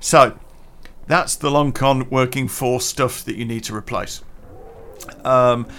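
A man's voice: medium pitch, fairly even intonation, slow, a bit bright, slight background noise. A British man hosting a podcast, ranting casually and bluntly, swearing freely and chewing gum as he talks. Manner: chatty, blunt, swears casually, lots of "you know". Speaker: podcast host.

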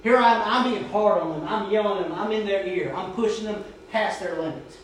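Pastor preaching, kinda high voice, big echo, mic far off. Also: male voice, brisk, a little hiss or hum. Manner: storytelling, shouting quoted drill commands. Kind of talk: sermon. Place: church sanctuary. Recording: echoey church from far off.

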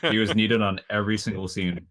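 A man on a casual podcast, dropping slow, drawn-out remarks. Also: on the low side, flat delivery, a bit bright, dry recording, clean studio sound.

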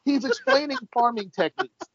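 Animated man retelling a story. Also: very high voice, fairly quick, husky. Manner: energetic storyteller, acts out quoted lines, swears freely. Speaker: podcast co-host recapping an episode. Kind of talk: casual chat, animated story recap. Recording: dull lo-fi dry sound.

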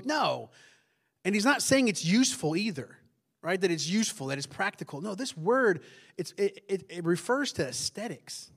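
A male pastor, preaching in a loud, conversational way that keeps asking the congregation questions and drops into hushed tones for emphasis. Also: high voice, sing-song, normal speed, breathy edge. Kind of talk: conversational sermon.

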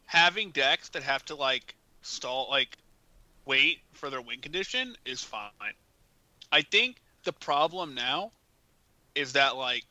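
A man's voice: mid-range voice, sharp tone, dry recording, poor audio. A man co-hosting a casual podcast, talking in a rambling way full of filler words. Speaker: podcast co-host.

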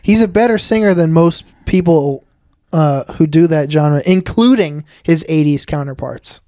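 A man's voice: on the high side, moderate pace, dark tone, no room sound, studio quality. A man co-hosting a podcast in casual comedic banter, wry and teasing, laughing often. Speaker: podcast co-host.

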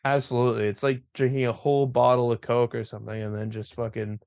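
A man co-hosting a sports podcast, telling a story in an animated way, swearing and laughing as he goes. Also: medium pitch, quick pace, gravelly, dry recording. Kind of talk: casual sports chat.

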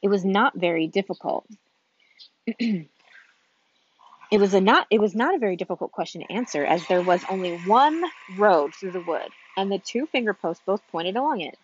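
A woman's voice: mid-range voice, lively intonation, normal speed, breathy edge, dull audio. A woman reading a children's book aloud from a street, informal, with restarts and asides. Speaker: reader.

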